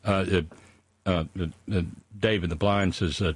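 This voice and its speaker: A man's voice: low voice, fairly even intonation, a little slow, no echo. A man from West Virginia co-hosting a casual political chat show, profane and rambling, reading listener messages aloud. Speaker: podcast co-host.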